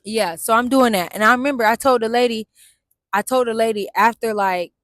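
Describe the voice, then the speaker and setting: A woman's voice: on the high side, fairly quick, a bit bright, dry recording, studio quality. A young woman vlogger telling her own story outdoors in a casual, candid way, full of slang and swearing and speaking straight to her viewers. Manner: candid, slangy and profane, addresses viewers as y'all. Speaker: vlogger and Navy veteran. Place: outdoors in the sun and wind.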